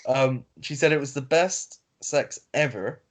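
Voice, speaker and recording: A man reads an online story aloud to his co-host over a call, stumbling and restarting often. His voice sits in a middle pitch, with fillers scattered through the reading. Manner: reads haltingly with fillers and self-corrections. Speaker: podcast co-host reading stories. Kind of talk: casual chat, reading aloud. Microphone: video call. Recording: lo-fi call audio.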